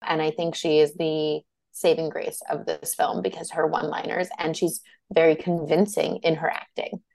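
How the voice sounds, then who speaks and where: A woman's voice: low voice, level tone, moderate pace, gravelly, darkish tone, no echo. A woman from Washington State co-hosting a podcast in casual chat, loose and chatty with digressions. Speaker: podcast co-host.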